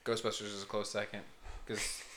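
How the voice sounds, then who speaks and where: A man's voice: fairly low pitch, monotone, a little fast, fairly bright tone, a little hiss or hum. A man chatting casually on a podcast, laid back and a little hesitant, often trailing off. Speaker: podcast co-host. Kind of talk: casual chat among friends.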